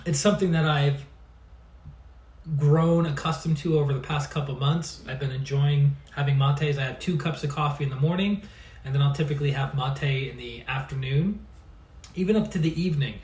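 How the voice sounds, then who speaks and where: A man's voice: fairly high pitch, moderate pace, darkish tone. Male healer-coach, casual storyteller, lightly raised voice, echoey far-off recording. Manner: chatty, laughs often, restarts phrases. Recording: roomy sound, mic at a distance.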